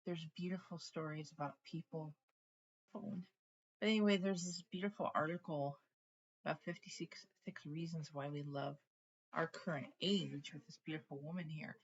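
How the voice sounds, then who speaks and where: A woman's voice: low-pitched, steady tone, normal speed, slightly rough, muffled recording. A woman in her forties talking casually and rambling from topic to topic in a home vlog. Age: 40s. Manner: chatty, rambling, easily sidetracked. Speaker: book vlogger. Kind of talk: casual chat.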